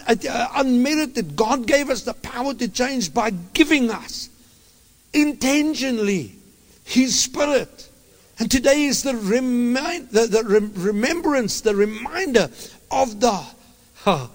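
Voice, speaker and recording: A man preaching a sermon as a pastor, impassioned and halting, often restarting his phrases. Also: extremely high pitch, big-room sound.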